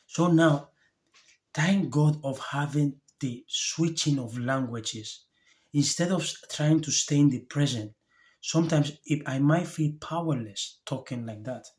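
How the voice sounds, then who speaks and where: A man speaking as a life coach in a reflective motivational monologue to camera, earnest and gentle in short halting phrases, openly heartfelt. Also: fairly high pitch.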